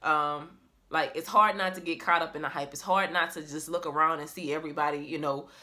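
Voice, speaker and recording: Bright, animated woman reading tarot in a profane, rambling vlog. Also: sits low, fairly quick. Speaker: vlogger and tarot reader. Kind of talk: casual motivational vlog talk.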